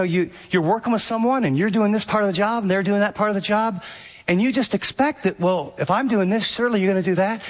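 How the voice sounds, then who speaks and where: A man preaching with lively energy and a fairly high-pitched voice. He builds to emphatic, punchy peaks and then drops soft and quiet when he voices quoted lines, like a pastor addressing his congregation. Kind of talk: sermon.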